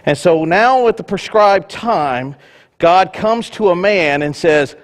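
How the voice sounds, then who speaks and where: Male pastor, high-pitched, conversational sermon delivery with wry asides. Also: expressive, slow pace.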